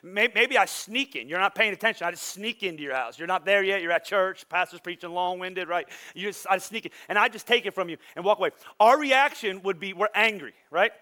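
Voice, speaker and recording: A man preaching a sermon as pastor, animated and conversational, with playful asides to the congregation. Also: sits high, brisk, hardly any pauses.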